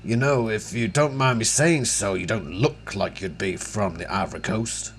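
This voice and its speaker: A man voicing a patient middle-aged veterinarian father who turns quietly stern. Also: on the low side, normal speed, a little hiss or hum, lightly acted.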